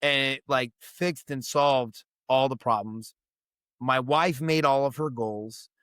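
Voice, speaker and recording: A man's voice: mid-range voice, slow pace, a bit bright, smooth, dry recording. A middle-aged man, a veteran who is the guest on a podcast, telling a story in casual chat, swearing freely and acting out the voices of people he quotes.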